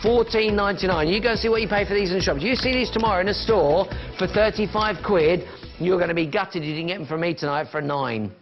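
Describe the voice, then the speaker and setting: A man hosts a live TV shopping pitch, chatting and calling out falling prices. His voice sits a little high for a man. The broadcast sound is dull and lo-fi, with music clearly playing underneath. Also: fast talker. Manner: chatty, upbeat, counting down prices. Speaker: shopping channel presenter.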